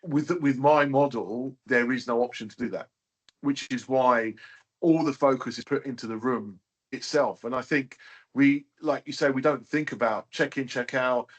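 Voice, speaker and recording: Male hotel owner, interview guest, mid-range voice, relaxed and talkative, loose filler-heavy delivery. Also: mid-range voice, moderate pace, dull audio. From United Kingdom. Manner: chatty, many fillers like "you know". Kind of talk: casual interview chat.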